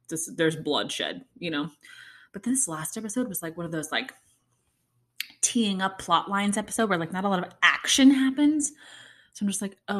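Young woman, casual vlog chat, excitable fan gushing, filler-heavy, bursts of squealing. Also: fairly low pitch. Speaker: vlogger.

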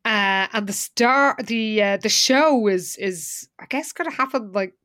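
A woman's voice: mid-range voice, unhurried, a bit bright, dry recording. Woman podcast co-host, casual recap, wry and sighing, dry close sound.

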